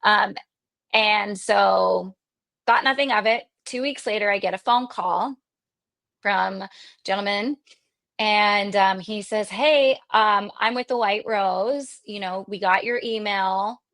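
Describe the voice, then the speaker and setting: A chatty woman from Texas tells a story as a podcast guest, bouncing between her own voice and the people she quotes. She is outgoing and lively, with plenty of "um" and "like" along the way. Her voice is mid-pitched, recorded dry and close. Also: takes it slowly, gravelly, no echo. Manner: animated, lively retelling with quoted dialogue and frequent fillers; extroverted and talkative. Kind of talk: casual storytelling interview.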